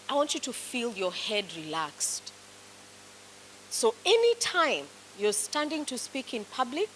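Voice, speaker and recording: A woman's voice: a little high, fairly bright tone, a little hiss or hum, poor audio. A woman with a Kenyan accent, teaching a public speaking class and coaching students through exercises in an encouraging way. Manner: slow, coaching, encouraging commands. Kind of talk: classroom instruction.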